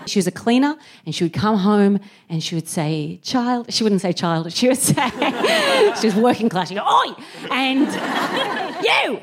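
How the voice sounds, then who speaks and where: A woman's voice: mid-range voice, sing-song, normal speed, few pauses, noisy background. A woman in her thirties performing a live stand-up routine, telling comic stories and breaking into bursts of scat singing. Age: 30s. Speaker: comedian.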